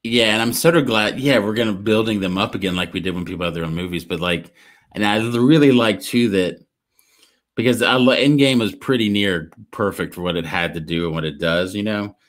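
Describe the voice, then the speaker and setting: A man co-hosting a casual podcast, retelling stories in a rambling, animated way with lots of restarts. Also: on the low side, a little fast. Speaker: podcast co-host. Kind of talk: casual chat.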